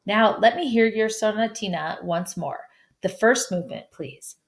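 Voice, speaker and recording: A woman's voice: mid-range voice, a little slow, gravelly. A woman voicing a demanding older female piano teacher who quizzes her pupil in a storybook reading. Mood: quizzing. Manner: quizzing, prompting.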